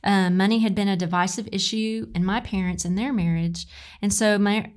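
A woman's voice: mid-range voice, fairly even intonation, moderate pace. A middle-aged woman with an Arkansas Southern accent, giving earnest, encouraging advice in a casual chat. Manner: earnest, encouraging, drawls "y'all". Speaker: co-host.

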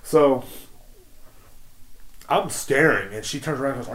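A man's voice: fairly high pitch, animated, fast. A man hosting a solo podcast, telling crude stories in a rambling, profane, casual way. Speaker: podcast host. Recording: roomy echo.

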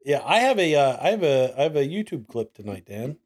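Animated man co-hosting a podcast. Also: mid-range voice, fairly quick. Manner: animated, repeats and quotes lines for laughs. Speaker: podcast co-host. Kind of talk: casual podcast chat.

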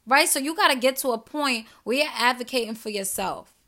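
Fiery, gravelly-voiced woman podcaster. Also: fairly high pitch, lively intonation, brisk, bright, forceful tone. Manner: emphatic, profane, preachy, addresses listeners directly. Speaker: podcast host. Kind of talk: passionate solo podcast monologue.

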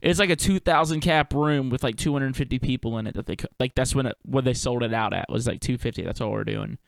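A man's voice: medium pitch, quick pace, vocal fry, no echo, studio quality. A young man hosting a solo podcast, musing in a loose, profane, laid-back way full of slang and fillers. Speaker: podcast host and touring performer. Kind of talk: rambling solo podcast monologue.

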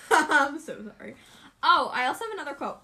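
A high, lively young woman chats on a podcast, laughing easily and firing off puns in quick bursts. Her pitch leaps around, and a faint hiss of background noise sits under her voice. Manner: giggly, punning, quick bursts. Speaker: podcast co-host. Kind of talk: casual chat.

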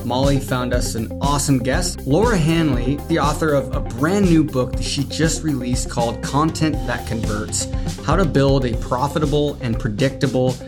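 A man's voice: mid-range voice, normal speed. A man hosting a podcast, opening the show and introducing a guest in an upbeat, enthusiastic way. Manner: upbeat, enthusiastic announcer delivery. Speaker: podcast host. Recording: guitar music playing under the voice.

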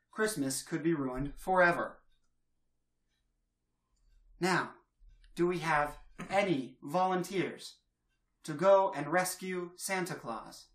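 A man voicing a formal host of the holiday council, measured and pleading for calm. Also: fairly high pitch, roomy sound.

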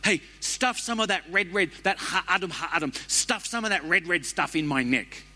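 A man's voice: high-pitched, expressive, moderate pace, bright, forceful tone, pitched above the performer's own voice, full character voice. A man voicing a starving, frantic grown hunter who pleads and stammers for food.

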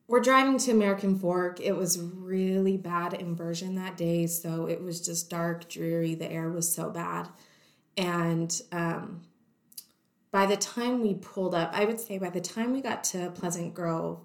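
Woman telling a story in a roomy space. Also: on the low side. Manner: lively, acts out the voices of people in her story. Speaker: guest telling her story. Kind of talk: personal storytelling. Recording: roomy echo.

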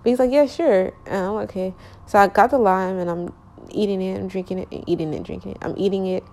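A woman's voice: medium pitch, steady tone, fast, darkish tone. A young woman casually telling a long personal story, rambling with lots of fillers and slang, correcting herself as she goes, sleepy and yawning.

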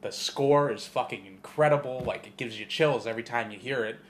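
A man co-hosting a podcast, telling movie stories in a profane, rambling, animated way. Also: mid-range voice, a little fast, a little hiss or hum. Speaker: podcast co-host. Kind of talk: casual chat.

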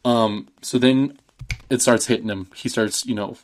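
A man in his thirties hosts a casual podcast and retells a film in a loose, rambling way. He swears freely and slips into the characters' lines with little laughs. His voice sits at an ordinary middle pitch. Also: fairly even intonation, measured pace. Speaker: podcast host.

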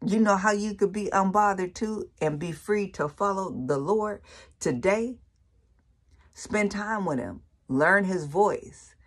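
A woman's voice: mid-range voice, takes it slowly. A woman preaching her personal faith testimony in a casual, colloquial way, emphatic and repeating phrases for effect. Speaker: faith speaker sharing testimony.

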